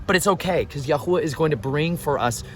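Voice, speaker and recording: A man vlogging outdoors in a preachy, excitable way, exclaiming at the scenery and slipping into sermon-like asides. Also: a little high, fast, rough recording. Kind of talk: preachy outdoor travel vlog.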